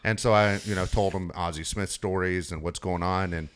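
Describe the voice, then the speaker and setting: A man's voice: deep voice, moderate pace, crowd noise. A middle-aged man telling stories in a casual, profane chat, acting out what people said. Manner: profane, animated, acts out quotes. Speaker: sports reporter guest.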